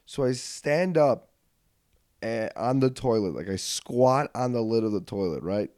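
A man spins a comic story on a podcast mic, his pitch sitting in the middle range for a man. He drops to mutters, then bursts into loud rants, swearing easily and laughing along the way. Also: measured pace, dry recording, clean studio sound. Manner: animated, swings from mutters to yelling. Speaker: podcast host. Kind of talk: comedic storytelling. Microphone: podcast studio mic.

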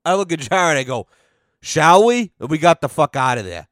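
A man's voice: on the high side, very animated, fast talker, a bit bright, no room sound, clean studio sound. A young man hosting a podcast, telling a casual story in a profane, exasperated way and acting out what others said. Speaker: podcast host.

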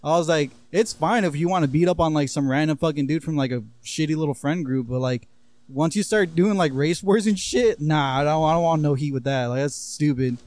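A young man casually telling profane, laughing high school stories on a podcast and acting out what people said. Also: brisk, darkish tone, no room sound. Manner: profane, laughing storyteller who acts out quotes. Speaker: podcast co-host. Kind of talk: casual storytelling chat.

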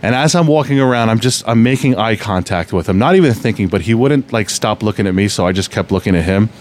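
A man's voice: lowish voice, expressive, fast talker, a little mellow, slight background noise. A man telling stories in a casual podcast chat, rambling and restarting often.

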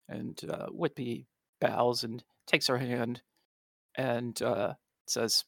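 A man narrating as game master of a tabletop game, relaxed and full of pauses. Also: medium pitch, gravelly, dry recording.

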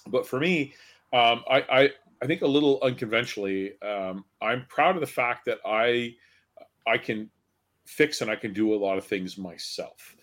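A man's voice: medium pitch, normal speed, a bit bright. A man co-hosting a casual talk show, rambling a bit and repeating words as he speaks. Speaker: podcast co-host. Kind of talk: casual chat.

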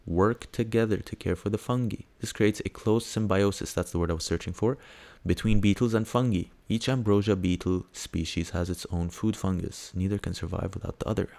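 A man hosting a casual science news podcast, rambling and hesitant with lots of fillers, now and then breaking into high squeals of delight. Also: fairly even intonation, brisk, vocal fry, hardly any pauses, a little mellow. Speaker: podcast host.

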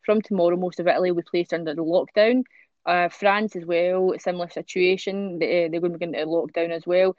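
A woman's voice: lowish voice, fairly even intonation, fairly quick, darkish tone, dry recording, lo-fi sound. A woman hosting a podcast, chatting casually with many fillers and reading out newspaper stories. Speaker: podcast host.

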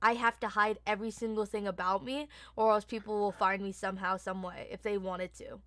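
A woman's voice: medium pitch, level tone, a little fast, a bit bright, no room sound. A young woman hosting a casual chat, giggly and chatty, hesitating often. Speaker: host, interviewer.

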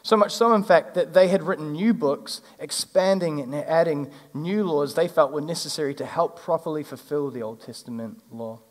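A male pastor, preaching a sermon in a church and retelling the story in a lively, casual way. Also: on the high side, moderate pace, hardly any pauses. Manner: animated, acts out the characters in a casual retelling. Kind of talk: sermon with scripture reading. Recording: long hall reverb.

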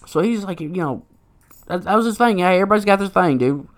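A man's voice: sits high, animated, fast. Rambling, foul-mouthed man telling stories. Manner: rambling, heavy swearing and filler words. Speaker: podcast co-host. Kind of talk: casual storytelling chat.

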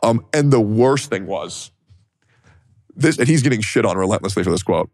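A man in casual podcast chat, telling a story with lively swings and mimicking other people in high voices. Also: moderate pace, dry recording.

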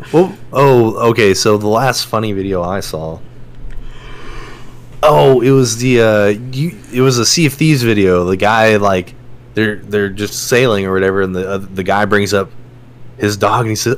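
A man's voice: fairly low pitch, normal speed. A young man co-hosting a podcast, chatting casually and laughing a lot. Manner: laid-back, laughs a lot, animated when storytelling. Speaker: podcast co-host. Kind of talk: casual chat.

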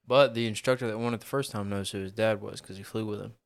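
A man's voice: fairly low pitch, fairly even intonation, fast, slight background noise. A man chatting casually with friends about a movie, blunt and joking. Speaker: friend on a movie reaction show. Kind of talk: casual chat.

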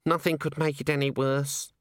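A man's voice: on the high side, level tone, moderate pace, smooth, dry recording, studio quality, pitched above the performer's own voice, lightly acted. A man reading an audiobook voices a young female dwarf watch officer who sounds gloomy and dryly weary.

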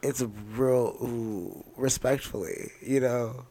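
A man's voice: medium pitch, fairly even intonation, slow, dark tone, slight background noise. A man with an ordinary mid-range voice trades jokes on a casual podcast. He is blunt and salty, with dry, cutting humor. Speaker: podcast co-host. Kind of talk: casual chat.

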